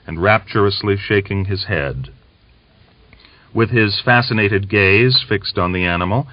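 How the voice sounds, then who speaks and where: A man narrating a novel as an audiobook reader, in a measured, even storytelling manner. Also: sits low, no room sound, dull audio. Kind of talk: scripted narration.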